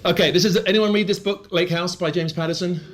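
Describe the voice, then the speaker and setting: A man performing a book test as a magician, with brisk, coaxing patter. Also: sits high, fairly even intonation, noisy background.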